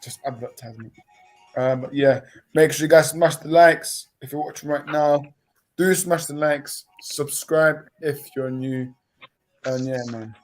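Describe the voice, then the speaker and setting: A man's voice: medium pitch, steady tone, a little slow, faint music behind. A man hosting a football watchalong, chatting casually with teasing, slangy banter. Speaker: watchalong host. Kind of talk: casual live commentary chat.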